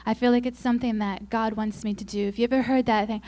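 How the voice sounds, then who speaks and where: A woman speaking at a Christian women's conference, telling self-mocking, humorous stories and acting out quoted lines in a higher, louder voice. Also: steady tone, fast, slight background noise. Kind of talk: faith-based conference talk.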